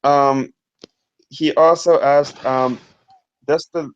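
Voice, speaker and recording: A man reading viewer questions aloud on a livestream, halting and filling gaps with ums. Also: fairly high pitch, fairly even intonation, clear, resonant tone. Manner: halting, many ums and restarts. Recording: dull lo-fi sound.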